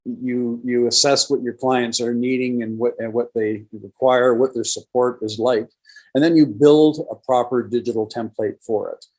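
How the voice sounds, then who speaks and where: A man's voice: medium pitch, fairly even intonation, moderate pace, a little mellow, poor audio. Older man, enthusiastic retired radio veteran. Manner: enthusiastic, tells stories with quoted dialogue. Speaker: guest, retired radio professional. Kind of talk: casual interview conversation.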